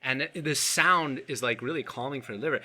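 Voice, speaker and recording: A man as a qigong instructor guest, talking earnestly in a halting way with many restarts. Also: mid-range voice, sharp tone. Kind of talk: casual interview chat.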